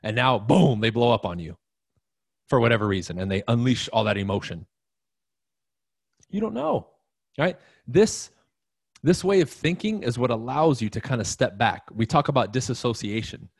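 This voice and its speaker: A real estate coach addresses salespeople in a live-streamed talk, speaking bluntly and emphatically, swearing now and then, and talking straight to the listener. His medium-pitched voice is expressive with a breathy edge, moderately paced with frequent pauses, and recorded in studio quality with no room sound.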